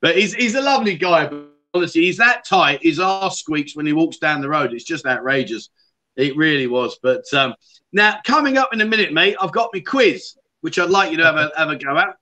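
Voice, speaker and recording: A man's voice: fairly high pitch, lively intonation, brisk, pushed and bright. A man hosting a livestream chat show, telling stories and reading out viewer comments. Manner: chatty storyteller, reads out viewer comments. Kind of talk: casual chat.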